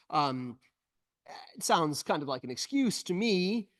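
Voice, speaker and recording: A man's voice: on the high side, measured pace, a bit bright. A man, a historian and author, answering audience questions after a lecture, thoughtful and explanatory. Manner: explanatory, thoughtful, enthusiastic about details. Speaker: historian and book author, guest speaker. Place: event room with in-person and online audience.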